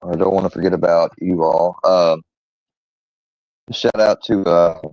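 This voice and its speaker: A man hosting his own channel, rambling defensively with many fillers and pauses as he rants casually. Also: deep voice, fairly even intonation, darkish tone, no echo. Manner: rambling, halting, full of fillers; defensive, irritated. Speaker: channel host. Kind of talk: rambling casual vlog rant. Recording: dull lo-fi close recording.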